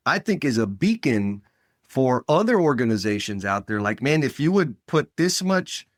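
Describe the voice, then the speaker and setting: A man's voice: mid-range voice, very animated, normal speed, no echo, clean studio sound. Blunt, emphatic man hosting. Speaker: podcast host. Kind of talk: casual interview chat.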